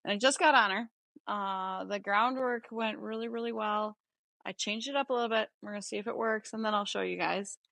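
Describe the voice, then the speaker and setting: A woman horse trainer talking through a riding lesson from the saddle, explaining each step in a relaxed way. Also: medium pitch, a little fast, creaky, dry recording, poor audio. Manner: relaxed, explanatory, thinking aloud while riding. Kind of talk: riding lesson narration while mounted. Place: outdoors on horseback.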